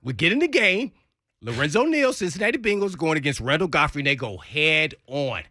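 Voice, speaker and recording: Animated male radio storyteller. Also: brisk, dry recording, studio quality. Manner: lively storyteller acting out quotes with big pitch jumps. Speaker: former NFL player telling a locker-room story. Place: radio studio.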